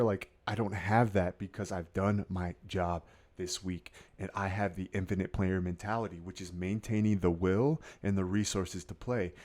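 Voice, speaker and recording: A man giving casual market commentary as a day trader, mumbling quietly over his charts at times and firing up into a loud, swearing pep talk at others. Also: lowish voice, steady tone, moderate pace.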